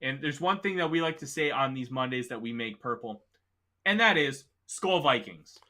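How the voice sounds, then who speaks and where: Bright-voiced opinionated sports podcast host. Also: male voice, mid-range voice, expressive, a little fast. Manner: opinionated, emphatic. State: has the hiccups. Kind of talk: casual sports talk.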